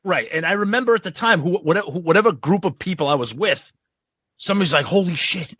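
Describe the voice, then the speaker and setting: A man in his fifties co-hosts a casual podcast, dropping quick agreements and recalling his side of the tale. His voice is high, lively and bright with a husky grain. The sound is dry and close. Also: dry recording. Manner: frequent short agreements. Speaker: podcast co-host. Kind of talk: casual chat, backchanneling.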